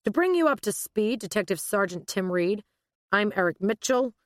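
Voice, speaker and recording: A woman's voice: mid-range voice, lively intonation, normal speed, no echo, clean studio sound, pitched above the performer's own voice, natural voice. A woman voicing a large, crew-cut male agent who speaks in a brusque, commanding way.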